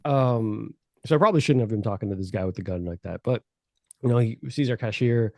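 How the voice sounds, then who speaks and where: A man telling a story on a podcast in a casual, animated and profane way, laughing as he goes. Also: fairly low pitch, a little fast, dry recording, clean studio sound.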